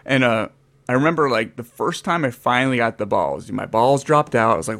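A man in his thirties from California talks in a loose, casual way. He tells stories with energy and acts out his own past lines. His pitch sits in the middle for a man. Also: lively intonation, fast talker, a bit bright, no echo. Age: 30s. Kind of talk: casual chat.

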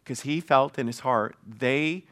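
A middle-aged man preaching a sermon as pastor, telling a personal story with animated quoted bursts. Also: a little high, normal speed.

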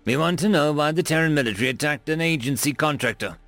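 A man's voice: on the high side, fast talker, a bit bright, no echo, faint music behind, pitched above the performer's own voice. A man voicing a blunt, grinning human intelligence agent in a story reading. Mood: smug.

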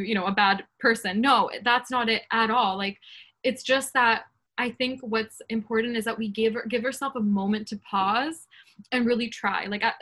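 An earnest woman in her thirties, a podcast guest in casual talk about faith. Her voice sits a little high and sounds bright and forceful. She rambles, with many fillers and "right?" tags.

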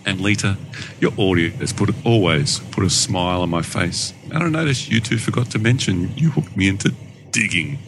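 A man co-hosting a gaming podcast, reading a listener email aloud in a chatty, animated way and laughing often, on a noisy call recording. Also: sits low, moderate pace. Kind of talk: casual chat.

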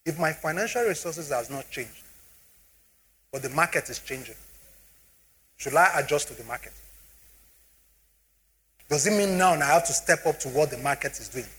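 Animated Nigerian man addressing an audience. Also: on the high side, moderate pace, pauses often, slight background noise. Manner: animated, asks the audience questions often. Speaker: speaker on personal finance. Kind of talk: motivational talk to an audience.

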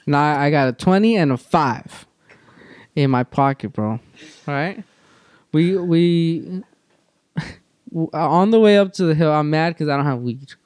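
A young man telling a story in casual chat, animated, swearing freely and acting out what people said. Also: a little high, measured pace, pauses often, smooth, dry recording, clean studio sound. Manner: animated, swears a lot, says bro and dude, acts out quotes.

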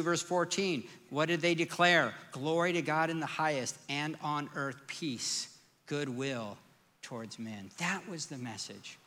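Man preaching a sermon, squeaky bright tone, lively questions, in a reverberant hall. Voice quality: self-described squeaky voice. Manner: conversational, emphatic preaching with rhetorical questions. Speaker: pastor.

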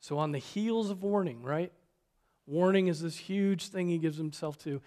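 A man preaching a sermon, earnest, swinging between loud exhortation and soft, quiet asides. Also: on the high side, normal speed. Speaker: pastor.

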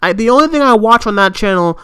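A man's voice: high voice, fast talker, clear, resonant tone. A man co-hosting a movie news podcast, ranting in casual chat, swearing and laughing, recorded remotely. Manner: animated, swearing, laughing often. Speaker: podcast co-host. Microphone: remote recording setup.

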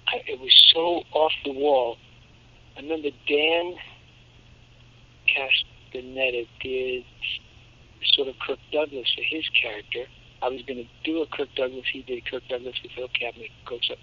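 A jokey voice actor in his seventies tells anecdotes in an interview, animated and slipping into demo voices. His voice is medium-pitched at normal speed, and the lo-fi audio is muffled.

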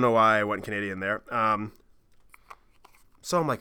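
A man in his thirties telling a travel story on his podcast, animated and rambling, with lots of swearing and fillers. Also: on the low side, normal speed, long pauses, clean tone. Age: 30s. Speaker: podcast host. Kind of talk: casual storytelling monologue.

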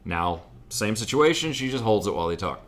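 Bright-voiced man telling jokes on a podcast. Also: fairly low pitch, animated, brisk. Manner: laughs through his own jokes, swears. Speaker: podcast co-host. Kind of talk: casual joke-telling chat.

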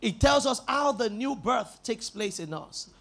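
A man's voice: extremely high pitch, lively intonation, a little slow, gravelly, pushed and bright. A male pastor preaching an emphatic sermon, calling on the congregation to repeat after him. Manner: emphatic, call-and-response preaching.

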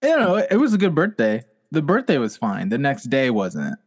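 A man's voice: medium pitch, wildly swooping pitch, moderate pace, breathy edge. A man co-hosting a comedy podcast, chatting casually and laughing often as he talks. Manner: giggly, laughs often while talking. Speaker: podcast co-host.

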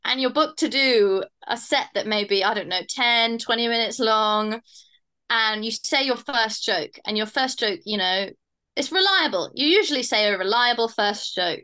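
A woman's voice: fairly high pitch, moderate pace, pushed and bright. A woman stand-up comedian chatting as a guest in a podcast interview, self-mocking and full of fillers and laughs.

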